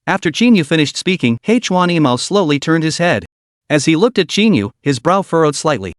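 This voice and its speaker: A man narrating a comic recap in a steady, dramatic storytelling manner. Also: on the high side, fairly quick, no echo, studio quality.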